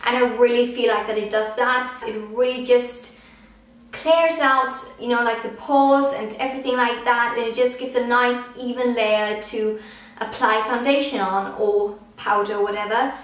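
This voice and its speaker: A woman's voice: on the high side, steady tone, moderate pace. A young woman vlogger giving a casual, gushing review of beauty products. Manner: gushing, enthusiastic. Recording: very echoey room.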